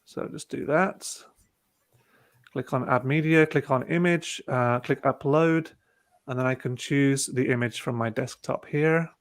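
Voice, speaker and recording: A man presenting an online webinar, calmly talking through each click of a teaching tool step by step. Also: mid-range voice, unhurried. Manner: relaxed, talks through clicks step by step with fillers. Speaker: presenter demonstrating a teaching platform. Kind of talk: casual online webinar demo. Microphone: video call.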